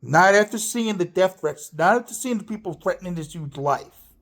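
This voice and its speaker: A man ranting to camera about wrestling, swearing freely and sounding exasperated. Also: normal speed. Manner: lively, swooping pitch. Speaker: wrestling commentator. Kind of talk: opinion rant to camera.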